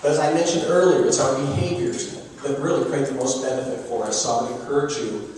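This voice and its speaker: A man giving a lively, joking business talk at a luncheon, speaking direct advice to the audience. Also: medium pitch, fast talker, a little hiss or hum. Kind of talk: live seminar talk. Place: luncheon hall. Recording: echoey hall from far off.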